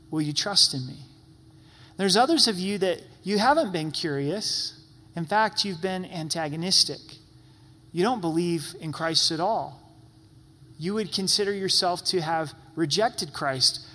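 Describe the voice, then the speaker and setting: A pastor's high-sitting, pushed, bright voice fills a church sanctuary with big-room sound. His sermon comes across as earnest and pleading, yet conversational.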